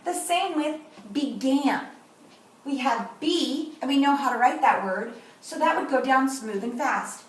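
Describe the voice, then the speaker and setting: High-voiced, slow-spoken kindergarten teacher. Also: female voice, animated. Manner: sounds out words slowly and repeats them. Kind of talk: slow, clear lesson to young children. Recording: roomy echo, voice from a distance, faint noise.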